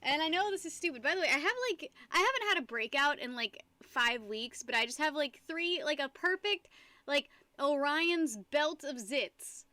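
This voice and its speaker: Bright, high-pitched chatty young woman. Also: lively intonation, normal speed, no echo. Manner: chatty, rambling, giggly, greets chat often. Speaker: streamer. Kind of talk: casual live-stream chat. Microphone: desk microphone.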